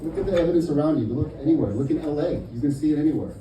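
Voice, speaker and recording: A young man from Indiana doing a stand-up comedy set in a comedy club. He is punchy and exasperated, swinging between mutters and loud bursts. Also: fairly high pitch, animated, racing. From Indiana, USA. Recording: roomy club, mic at a distance, audible noise.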